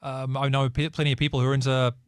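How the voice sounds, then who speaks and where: A man with a New Zealand accent hosting a casual chat show, lively and jokey, often slipping into mocking voices. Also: mid-range voice, quick pace, clean tone, dry recording, clean studio sound. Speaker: host.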